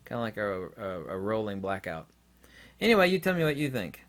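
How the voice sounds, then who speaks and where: A man's voice: lowish voice, very animated, a little fast, a bit bright. Rambling man talking to his viewers. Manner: rambling and opinionated, with many fillers and asides. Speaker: channel host. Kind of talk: opinion vlog monologue.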